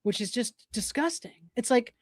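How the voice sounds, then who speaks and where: A woman's voice: fairly high pitch, animated, normal speed, no room sound, clean studio sound. A woman hosting a live stream, commenting on a court hearing in an emphatic, exasperated way and repeating her points.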